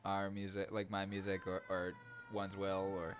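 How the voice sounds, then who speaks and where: A man's voice: low-pitched, monotone, normal speed, background noise. A man co-hosting a podcast in casual chat, rambling and breaking into laughter, with the hiccups. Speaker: podcast co-host.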